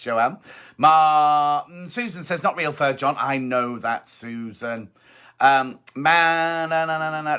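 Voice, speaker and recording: A man's voice: a little high, fairly bright tone. A middle-aged man hosting a casual live stream, chatty and teasing as he reads out viewers' messages. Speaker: host.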